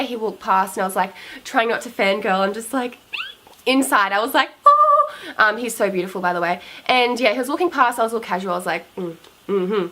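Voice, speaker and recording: A woman's voice: a little high, a bit bright, low-quality recording. A young woman, telling a story to her viewers in a chatty, emphatic way and talking straight to them. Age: late teens. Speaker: vlogger. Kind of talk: casual storytelling to camera.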